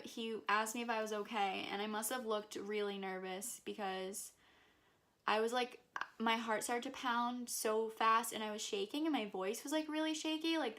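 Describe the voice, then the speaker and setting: A woman's voice: on the high side, fairly bright tone. A young woman vlogger gushing through a personal story, packing her talk with "like" and fillers. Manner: gushing, filler-heavy with constant "like". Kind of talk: excited personal story vlog.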